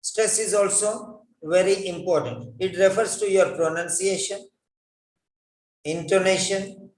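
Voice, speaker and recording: A man's voice: high voice, a little slow, far from the mic. A man teaching English pronunciation, spelling out words letter by letter and repeating them carefully. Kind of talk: spoken English lesson. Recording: echoey room, voice from off-mic.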